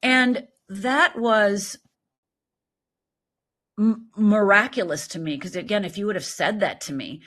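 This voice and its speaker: Sixties woman guest, slightly husky, lively storyteller who keeps checking in with the listener. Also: medium pitch, takes it slowly, pauses often. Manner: animated, tags thoughts with "right?". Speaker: guest life coach. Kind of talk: conversational interview storytelling.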